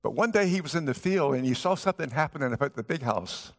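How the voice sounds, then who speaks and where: A man preaching in a lively, high-pitched voice that swoops up and down as he tells the story. His voice rings through a large sanctuary, trailing a long echo. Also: fast talker. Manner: storytelling preacher acting out the characters' lines. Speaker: guest pastor. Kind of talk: sermon. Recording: long hall reverb.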